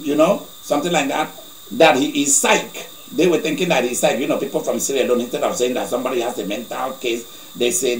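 A male preacher telling a story in a sermon, animated, with laughing asides. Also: mid-range voice, a little hiss or hum. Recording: echoey room.

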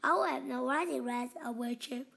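A woman voicing a short-tempered male ship captain who shouts exasperated commands in a storybook reading. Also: sits high, fairly quick, creaky.

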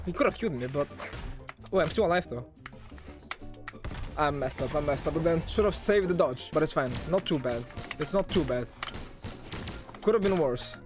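An excitable young man commentates his own gameplay, cheering his hits and groaning at his slip-ups. His voice sits high and leaps around in pitch. Game music plays clearly underneath. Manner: excitable, shouts and laughs at big plays. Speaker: gaming streamer.

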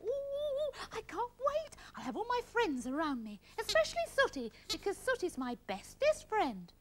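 A woman voicing an excitable, chatty female panda puppet in a children's show. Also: normal speed, exaggerated voice. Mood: excited. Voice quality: squeaky and bossy.

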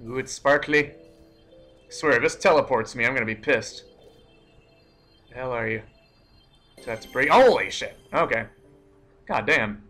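A young man giving live commentary while playing a game, excitable, cursing often and breaking into startled outbursts. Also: mid-range voice, a little slow, pauses often, faint music behind. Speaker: let's play gamer.

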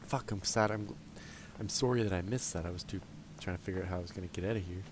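A man's voice: low-pitched, fast talker, noisy background. A man giving casual let's play commentary on a headset, thinking aloud and chatting to the characters on screen. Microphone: gaming headset.

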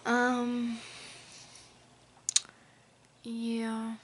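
A woman's voice: on the high side, monotone, drawn-out words. A woman of nineteen filming a casual vlog at home, sounding tired, swearing freely and cooing baby talk at her cat. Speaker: vlogger.

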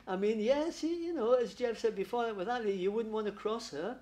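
A man's voice: high-pitched, brisk, a little mellow. A man working as a medium at a spiritualist church service, chatty and affectionate, laughing often and calling listeners darling. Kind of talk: spiritualist church platform reading.

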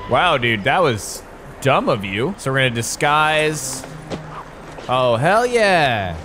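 A young man giving excitable, joking gameplay commentary. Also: fairly high pitch, extremely slow. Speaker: YouTuber. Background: game music.

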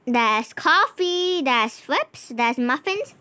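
A woman's voice: high voice, expressive, takes it slowly, bright, forceful tone. A woman hosting a gaming channel, chatting to a co-player and to viewers as she narrates a role-play game.

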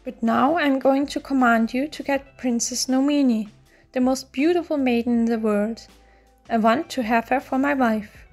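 A woman reading a measured, fatherly nobleman in a fairy tale, calm and commanding, her voice still high, soft music beneath, storybook style. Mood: lordly. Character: calm, lordly older nobleman.

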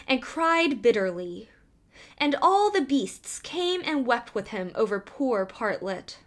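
A woman reads an old fairy tale aloud at an unhurried pace. Her voice is a little high and full of movement, and she shapes each line expressively as she narrates. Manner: expressive storytelling. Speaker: audiobook narrator.

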